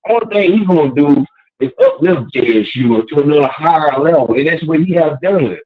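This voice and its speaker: Husky guy calling in, really lively voice, goes up and down a lot, sounds like a phone line. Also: a little high. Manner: impassioned, lively, repeats questions. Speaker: caller. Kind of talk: passionate call-in monologue.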